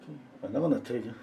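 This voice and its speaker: Calm, musing male painting teacher. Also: on the low side, a little hiss or hum. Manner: calm, musing, talks to himself while working, many pauses. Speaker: art teacher painting live. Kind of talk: thinking-aloud painting demonstration.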